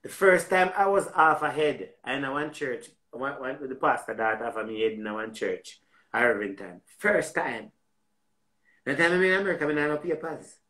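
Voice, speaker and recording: A man with a Jamaican accent telling a story in a casual, animated way, repeating words and swearing freely. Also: medium pitch, normal speed, reverberant.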